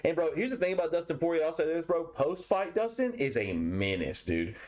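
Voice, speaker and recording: A man co-hosting a casual sports chat podcast, talking loosely with plenty of swearing and getting animated when he retells fight stories. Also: on the high side, a little fast. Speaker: podcast co-host.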